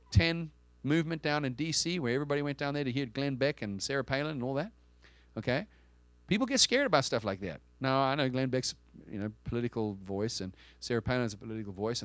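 A man's voice: mid-range voice, dry recording. A man preaching a sermon in a conversational, emphatic way, asking the listeners questions and often restarting his sentences. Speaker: pastor.

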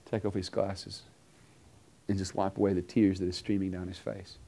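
Guy preaching a story sermon, lowish voice, earnest, acts out the dialogue, goes quiet on the big lines. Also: little pitch movement, normal speed, creaky.

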